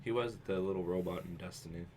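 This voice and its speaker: A man on a casual podcast panel, chipping in quick matter-of-fact remarks. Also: deep voice, background noise. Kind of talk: casual chat.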